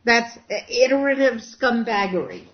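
A woman's voice: a little high, sing-song, unhurried, lo-fi sound. A woman hosting a casual online talk show, effusive and elaborate in her phrasing. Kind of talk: casual chat.

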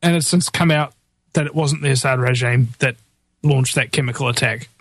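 A man giving sarcastic political commentary in a mocking, animated way, often laughing at his own jokes. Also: medium pitch, moderate pace, no room sound.

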